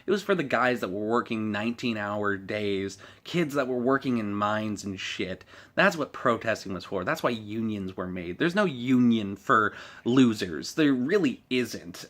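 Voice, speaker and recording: A man's voice: medium pitch, a bit bright. Heated, swearing man ranting. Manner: heated, swearing, laughing at his own jokes. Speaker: vlogger. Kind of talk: profane political rant.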